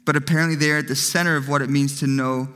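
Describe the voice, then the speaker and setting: A man's voice: fairly high pitch, steady tone, fast, pushed and bright, clear, resonant tone, in a large hall. A man preaching a sermon as pastor, emphatic and fond of repeating phrases for effect.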